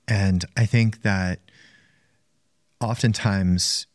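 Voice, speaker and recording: Deep-voiced measured male host. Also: steady tone, no echo, clean studio sound. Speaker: podcast host. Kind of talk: interview conversation.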